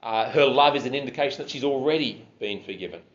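A man's voice: medium pitch, expressive, quick pace, highs cut off. A man preaching a sermon, explaining scripture verse by verse and stressing key words.

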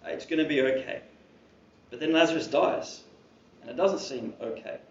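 A man's voice: a little high, normal speed. A man preaching a sermon in a church hall, talking in a conversational way with casual asides. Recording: roomy, distant and dull-sounding.

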